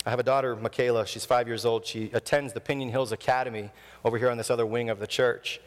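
Animated pastor in an echoing church. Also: male voice, mid-range voice, quick pace. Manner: animated storytelling, acting out quoted voices. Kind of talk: sermon. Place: church sanctuary.

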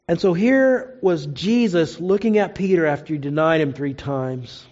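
Male preacher with a high voice, storytelling sermon delivery, dull lo-fi recording. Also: animated, moderate pace, darkish tone. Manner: storytelling, acts out quoted lines with rising pitch.

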